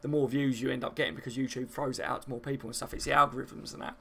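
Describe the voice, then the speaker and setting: A man's voice: medium pitch, steady tone, racing, gravelly, sharp tone, slightly rough. A man from the south of England, chatting casually on a football live stream and answering viewer comments, rambling and full of fillers.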